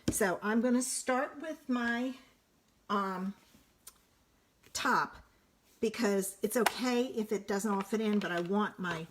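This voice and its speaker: A woman's voice: medium pitch, slight background noise. A woman demonstrating card making on a live stream, chatting casually and thinking aloud as she works. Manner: chatty, thinks aloud, slow and unhurried, self-correcting. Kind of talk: casual live crafting demo.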